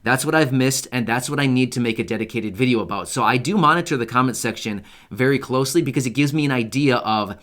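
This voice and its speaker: A man in an ordinary middle register explains things to his audience in a relaxed, chatty way. He circles back and repeats the main points to make them stick. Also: medium pitch, quick pace, hardly any pauses. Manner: conversational, repeats key points for emphasis; speaks directly to viewers. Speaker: channel host. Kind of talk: casual explainer video.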